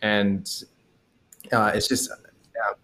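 A young man from Canada hosting a livestream interview, chatty and animated, laughing easily. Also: on the low side, slow pace. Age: young adult. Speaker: host.

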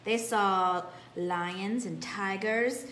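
Slow, expressive woman reading a storybook. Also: mid-range voice. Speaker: children's class teacher. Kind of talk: reading a picture book aloud. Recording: echoey room, faint background hum.

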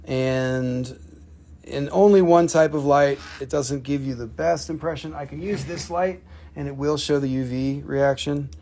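A man's voice: mid-range voice, unhurried, mellow, slight background noise. A middle-aged man hosting a live stream, selling rocks with profane, joking, rambling talk.

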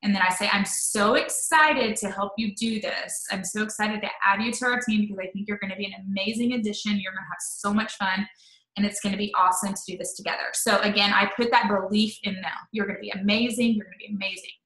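A chatty, upbeat woman talks her team through how she messages new recruits. Her voice is bright and forward, with lots of "um" and "like" as she goes. The room around her rings with noticeable echo. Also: medium pitch, steady tone, fairly quick. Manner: upbeat, chatty, says "um" and "like" often. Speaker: network marketing leader. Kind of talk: casual live-stream training talk.

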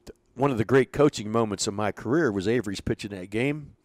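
A man's voice: lowish voice, brisk, no room sound, studio quality. Older man telling rambling baseball stories. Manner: rambling, chuckling anecdotes with restarts. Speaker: retired pitching coach, interview guest. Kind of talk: casual storytelling.

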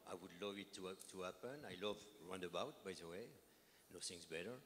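A man with a French accent asking a question at a public meeting, halting with many pauses. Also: low voice, a bit bright. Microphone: handheld microphone. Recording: long hall reverb with faint noise.

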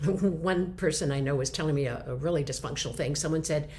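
Middle-aged woman, lower voice, friendly explainer type for a teaching talk. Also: brisk, a little mellow, a little hiss or hum. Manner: conversational, explains with short acted examples. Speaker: communication teacher. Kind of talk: instructional talk to camera.

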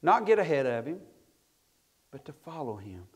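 A man's voice: a little high, big pitch swings, moderate pace, slightly rough. A male pastor preaching a sermon with emphatic rises and falls, reading scripture aloud in old-style wording. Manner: emphatic preaching, voice swelling then falling off at phrase ends.

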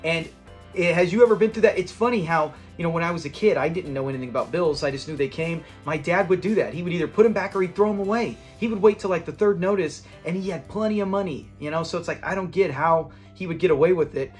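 A man with a notably high-pitched voice talks casually through an episode review. He rambles, laughs easily and slips into little acted-out quotes. Faint music plays underneath. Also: fast talker. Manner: chatty, rambling, often laughs, acts out scene quotes. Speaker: channel host reviewing a sitcom episode.

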